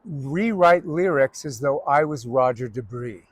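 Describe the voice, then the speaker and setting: A man's voice: medium pitch, lively intonation, unhurried, no room sound, poor audio. A man hosting a casual chat, telling stories from his stage career. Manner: anecdotal storyteller. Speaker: host.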